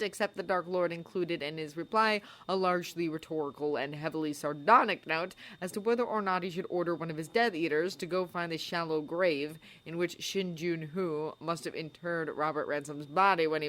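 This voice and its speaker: A woman narrating a fan story aloud in a measured storytelling manner. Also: lowish voice, fairly bright tone. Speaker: fanfiction narrator. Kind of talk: audiobook narration.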